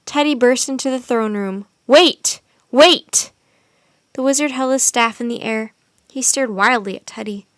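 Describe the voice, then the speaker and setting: A woman reads a storybook aloud in a steady, expressive voice. Her voice sits a bit high. The recording is dry and close, with no room sound. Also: normal speed, no room sound.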